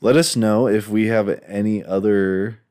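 A man's voice: lowish voice, fairly even intonation, unhurried, a little mellow, clean tone. A man co-hosting a podcast, chatting casually with dry, laid-back remarks. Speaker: podcast co-host. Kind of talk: casual chat.

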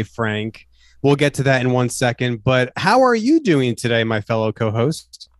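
A man's voice: mid-range voice, lively intonation, normal speed, dry recording, studio quality. A man co-hosting a comedy podcast, with playful, self-mocking banter and stumbling restarts. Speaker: podcast co-host.

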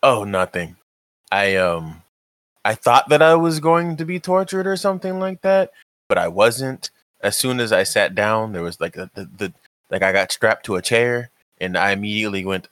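A man role-playing his character at a tabletop game, his voice on the low side. He stumbles and repeats words, and his pitch jumps up in animated bursts. The sound is dry and close. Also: moderate pace, no echo. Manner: stammering, repeats words often. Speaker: player.

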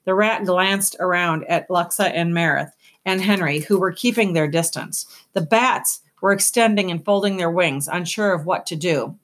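A woman narrating a children's fantasy novel aloud, with expressive, lively storytelling. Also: lowish voice, normal speed. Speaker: audiobook narrator.

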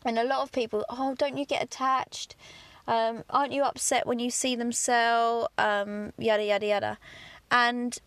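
A woman from England hosting a podcast, talking candidly about her farm work in a chatty, down-to-earth way with lively asides. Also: on the high side, moderate pace, no room sound. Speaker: podcast host, farmer. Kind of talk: casual monologue.

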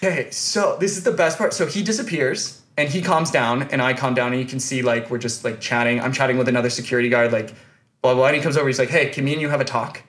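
A man's voice: medium pitch, steady tone, quick pace, a bit bright. A man telling a long, rambling story on a podcast, full of restarts and fillers. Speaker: podcast host. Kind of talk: casual storytelling chat.

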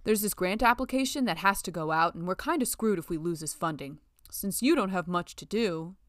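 A woman's voice: lowish voice, lively intonation, a little fast, fairly bright tone, no echo, studio quality. A woman voicing a condescending male postdoc who talks down to a junior colleague. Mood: dismissive. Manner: dismissive, entitled.

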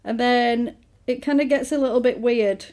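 A woman's voice: on the high side, normal speed, a crowd in the background. Woman chatting casually, retelling a film plot, puts on voices for the characters. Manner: animated, acts out characters' lines in quoted voices.

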